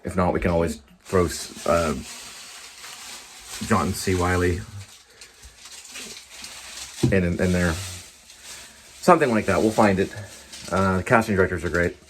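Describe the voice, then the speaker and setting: A man's voice: sits low, measured pace, long pauses, a little hiss or hum. A man rambling casually in a vlog, trailing off and talking to his cat as he goes. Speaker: vlogger.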